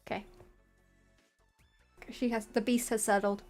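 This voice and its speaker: A woman's voice: fairly high pitch, normal speed, soft background music. Flustered joking young woman streamer. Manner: flustered, joking, bursts of laughter. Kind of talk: live-streamed game reactions.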